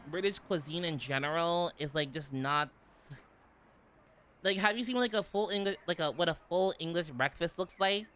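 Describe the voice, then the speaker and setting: Bright-voiced, rambling young man streamer. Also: high-pitched, a little hiss or hum. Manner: rambling, giggly, heavy use of "like". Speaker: vtuber streamer. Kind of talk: casual chat stream.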